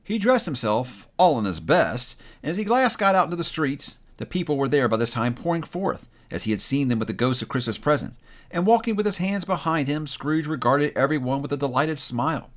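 A man narrating a classic story aloud with expressive, animated delivery. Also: on the high side, fairly quick.

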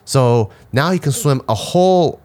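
A man's voice: medium pitch, a little slow. A man in his thirties co-hosting a casual chat, telling stories with lots of swearing and acted-out quotes. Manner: profane animated storyteller who acts out quotes. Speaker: podcast co-host.

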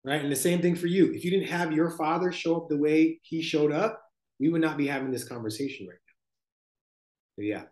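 A man, a podcast guest, talking slowly and thoughtfully about life and spirituality, often adding "like" and "right?". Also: fairly high pitch, a little mellow, echoey room. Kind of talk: reflective conversational storytelling.

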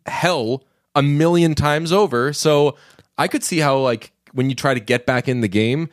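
A man's voice: a little high, a little slow, dry recording, studio quality. A man co-hosting a podcast, chatting casually about movies, rambling with many restarts and fillers. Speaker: podcast co-host.

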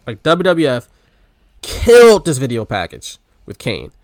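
A man co-hosting a podcast in relaxed, offhand casual chat, full of little fillers. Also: medium pitch, unhurried, no echo, studio quality. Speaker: podcast co-host.

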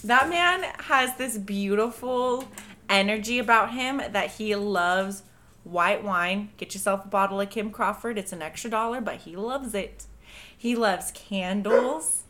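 Brief: woman podcast host, bright forceful tone, swears freely, jokey. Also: medium pitch, measured pace, slight background noise. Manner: loose, profane, jokey storytelling. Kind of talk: casual chat, reading history notes.

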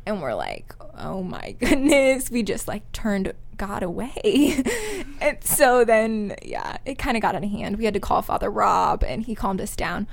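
A woman's voice: medium pitch, big pitch swings, a little slow, vocal fry. Giggly young woman telling a story. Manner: giggly, chatty, lots of filler words. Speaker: podcast co-host. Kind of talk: casual storytelling chat.

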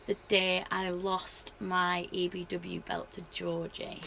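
Woman, slightly low voice, animated storyteller, faint hiss. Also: takes it slowly, gravelly. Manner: animated storyteller, many fillers. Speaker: wrestler. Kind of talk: casual interview chat.

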